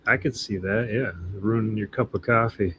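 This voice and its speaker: A man's voice: fairly low pitch, normal speed, fairly bright tone, a little hiss or hum. A man hosting a casual podcast chat, easygoing and chiming in. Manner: easygoing, chimes in. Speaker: podcast host.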